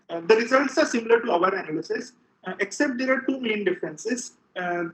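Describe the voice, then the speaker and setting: A seminar speaker delivers an academic physics lecture in a lecture room, his high-sitting voice halting and peppered with filler sounds as he explains. The recording is rough.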